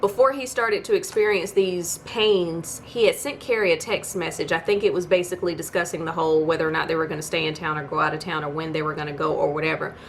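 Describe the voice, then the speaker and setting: A woman with a slightly low voice walks through a TV episode in a casual, chatty recap. She tells the story conversationally and breaks in with incredulous asides. A faint hiss sits under her voice. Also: fairly even intonation, fast talker, few pauses. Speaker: YouTube TV reviewer.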